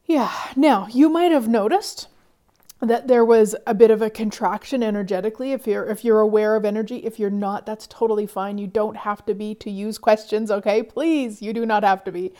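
Soft middle-aged woman coach, mellow warm tone, sighs a lot, slips into whispers. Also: mid-range voice, moderate pace. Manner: soft-spoken, sighs often, drops to whispers. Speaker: money mindset coach. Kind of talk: motivational talk.

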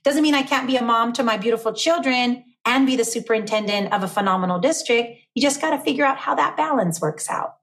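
A woman's voice: on the high side, fast, hardly any pauses, a bit bright. A middle-aged woman, a school superintendent, answering interview questions in an earnest, emphatic way.

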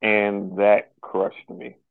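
A man speaking as a podcast guest in a candid personal conversation, halting and earnest, with many pauses and restarts. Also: on the low side, level tone, clear, resonant tone, no room sound. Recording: tinny phone-like line, dry.

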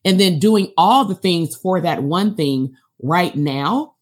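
A woman's voice: on the low side, lively intonation, slow pace. A woman hosting a podcast, chatting and coaching in a casual interview. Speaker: podcast host.

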